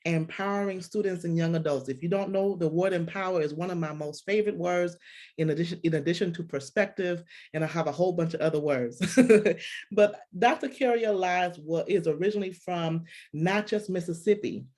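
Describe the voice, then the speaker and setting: A woman's voice: on the low side, a little fast. Effusive woman podcast host. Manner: warm, effusive, with frequent restarts. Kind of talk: faith-based podcast interview.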